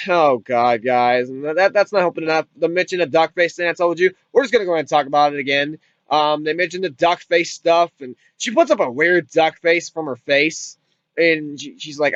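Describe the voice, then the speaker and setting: A man's voice: high-pitched, lively intonation, moderate pace, fairly bright tone, no echo. A man casually retelling a movie's plot as a reviewer, rambling with restarts and swearing freely. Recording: dull lo-fi dry recording.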